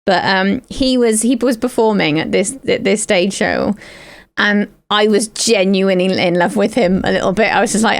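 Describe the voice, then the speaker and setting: Giggly gravelly-voiced woman host. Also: medium pitch, no room sound. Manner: giggly, eager, quick reactions. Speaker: podcast host. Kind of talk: casual chat.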